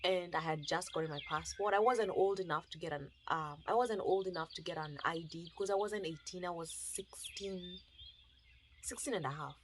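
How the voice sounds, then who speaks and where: A woman's voice: lowish voice, moderate pace, a little hiss or hum. Kenyan woman telling a personal story. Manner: animated, emotional, acts out the dialogue.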